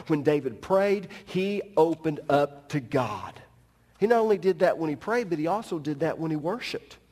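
A man preaching a sermon as pastor, telling a story with animated delivery and joking asides. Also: fairly high pitch, in a large hall.

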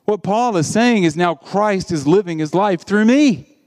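A man preaching a sermon in an animated, conversational storytelling way. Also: high voice, unhurried.

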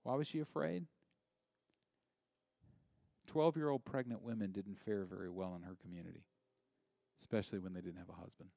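A male pastor preaching a sermon. He is animated and sometimes drops to a hushed near-whisper for emphasis. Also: low-pitched, normal speed, creaky, long pauses, no echo.

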